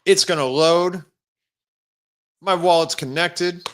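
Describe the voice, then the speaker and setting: A man with a bright, forceful voice hosts a casual livestream. He rambles loosely as he works through an app on screen. He stops now and then to greet viewers in the chat. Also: on the high side, takes it slowly. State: has the hiccups. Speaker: crypto livestream host.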